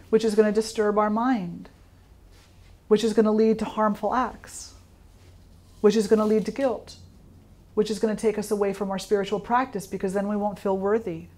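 Woman yoga teacher, informal talk, calm and reflective, often asks questions. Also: medium pitch.

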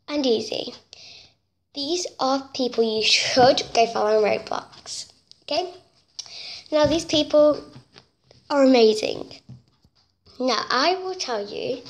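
A young woman giving chatty, excitable gameplay commentary, nervous and talkative, recorded on a phone. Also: on the high side, measured pace, long pauses, a little hiss or hum. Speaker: gamer. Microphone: phone screen-recorder mic.

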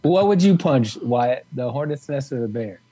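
A man co-hosting a comedy podcast, cutting in with short teasing, deadpan jokes in casual chat. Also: medium pitch, breathy edge. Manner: teasing, quick deadpan interjections. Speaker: podcast co-host.

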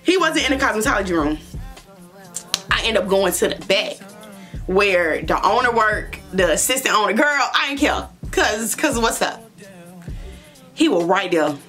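A young woman vlogger telling a storytime in a blunt, profane, animated way, laughing often. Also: mid-range voice, normal speed, pauses often, soft background music. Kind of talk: storytime chat.

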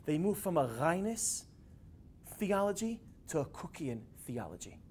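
A man giving a classroom lecture, animated and building to emphatic peaks. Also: high-pitched, measured pace, slight background noise.

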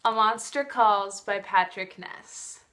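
A woman chatting in a casual video review, her voice at an ordinary middle pitch. She gushes about her favorite book and talks with open emotion. Her delivery is loose and chatty. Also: takes it slowly, pushed and bright.

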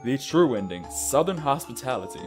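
A man's voice: medium pitch, very animated, moderate pace, over music. A man casually commenting on a game he is playing, chatty and self-mocking. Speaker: let's-play narrator.

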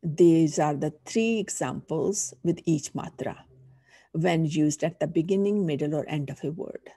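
A woman's voice: deep voice, measured pace, warm tone, slightly rough, no room sound, studio quality. A woman with a Punjabi accent, a teacher patiently explaining a lesson step by step. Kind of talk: recorded online lesson.

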